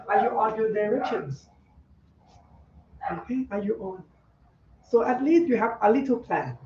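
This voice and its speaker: A man who is a Buddhist monk giving a meditation talk to students, in halting non-native English, repeating key words. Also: extremely high pitch, slight background noise. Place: meditation center. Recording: echoey, dull, from far off.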